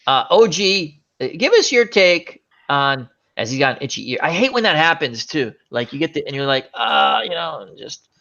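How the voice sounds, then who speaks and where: A man hosting a casual chat show, rambling from joke to joke with quick asides. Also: fairly high pitch, sing-song, gravelly, sharp tone, highs cut off. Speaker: host.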